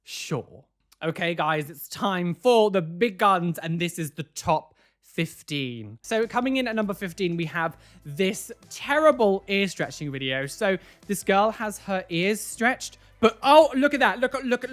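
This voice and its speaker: A man's voice: high voice, expressive, unhurried, fairly bright tone. A man hosting a casual reaction video, talking in an incredulous way that is full of repeated "like" and "what", and giving preachy warnings to viewers.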